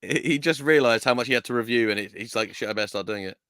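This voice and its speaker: A man's voice: mid-range voice, fast, fairly bright tone, dry recording. A man co-hosting a casual live-stream chat, jokey and teasing. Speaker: co-host. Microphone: video call.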